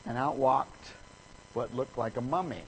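A man preaching a sermon, telling a story in an animated way and acting out the people in it with sudden rises in pitch and volume. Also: measured pace, slight background noise, rough recording.

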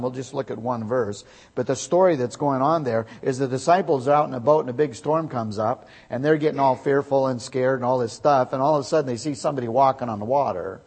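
A man preaching a sermon, emphatic, swinging from loud to quiet. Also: mid-range voice, husky. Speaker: pastor. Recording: echoey hall with long reverb.

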